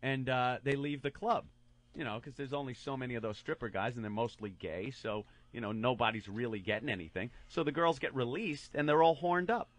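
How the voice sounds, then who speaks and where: A man co-hosting a radio show, telling a crude story with animated delivery and mocking put-on voices. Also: mid-range voice, fairly quick. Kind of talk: crude comedic radio banter.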